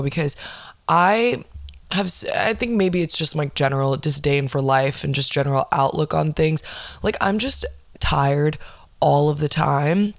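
A young woman with a lowish voice talks casually in a tired, sardonic tone, grumbling about everyone around her. Her voice sits close and dry, with almost no room sound. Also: expressive, unhurried, no room sound. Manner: sardonic, weary complaining. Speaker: podcast host. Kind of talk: casual chat.

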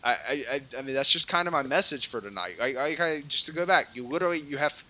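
A man's voice: mid-range voice, expressive, quick pace, pushed and bright. A man co-hosting a political podcast, ranting heatedly with many repeats and restarts. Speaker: podcast co-host.

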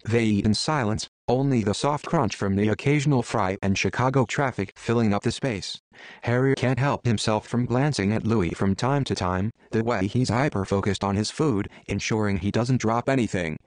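A man reading a fan fiction story aloud in a steady narrating voice. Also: lowish voice, normal speed, dry recording. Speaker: story reader.

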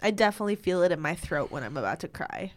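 A woman's voice: fairly low pitch, sing-song, quick pace. A young woman co-hosting a podcast, chatting casually and rambling with fillers and giggles. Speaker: podcast co-host. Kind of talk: casual chat.

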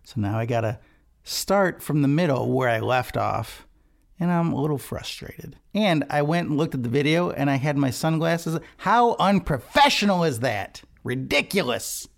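A man's voice: fairly high pitch, normal speed, gravelly. A man who leads worship at a church, chatting in a casual devotional vlog, rambling a little with restarts and asides.

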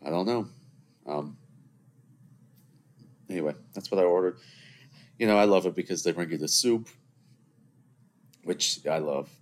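A twenty-something man hosts his solo podcast from a computer indoors, chatting in a rambling way with jokes aimed at listeners. He has a deep voice, speaks a little slowly, and pauses often.

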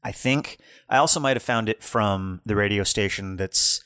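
A man's voice: on the low side, moderate pace, smooth, dry recording, clean studio sound. A young man co-hosting a music podcast, telling stories in a rambling, casual way. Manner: animated, rambling storyteller. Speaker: podcast co-host. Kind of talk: casual chat.

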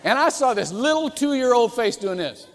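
Male pastor, high and very expressive, jokey storytelling sermon, echoing sanctuary. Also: normal speed. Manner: animated and humorous, acting out quoted voices. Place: church sanctuary. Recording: reverberant church hall.

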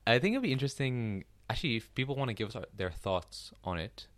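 A man's voice: medium pitch, very animated, quick pace, no echo. A man co-hosting a podcast, chatting casually in a joking, eager way. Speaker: podcast co-host. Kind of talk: casual chat.

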